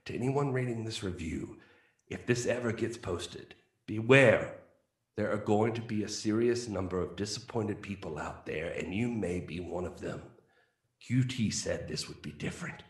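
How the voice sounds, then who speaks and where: A man's voice: lowish voice, moderate pace, echoey room, voice pushed down, natural voice. A man voicing an indignant, pompous male film critic in a put-on "professional" accent, ranting in exasperation.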